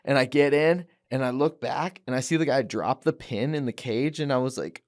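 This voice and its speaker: A young man on a podcast who tells his story in a casual, animated way and acts out the voices of the people in it. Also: mid-range voice, a little fast, hardly any pauses. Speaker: guest, fighter. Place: podcast studio.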